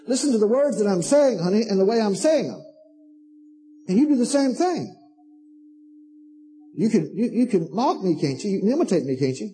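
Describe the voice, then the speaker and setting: A man's voice: sits high, big pitch swings, normal speed, long pauses, mellow, a little hiss or hum, rough recording. A man preaching a sermon to a congregation, fervent and emphatic, repeating himself and calling listeners "honey".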